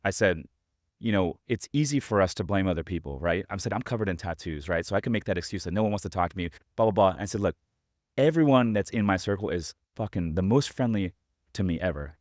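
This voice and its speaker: A man's voice: sits low, fast, no echo, studio quality. A man hosting a podcast, telling a story in a rambling way with lots of fillers. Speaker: podcast host. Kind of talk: casual interview conversation.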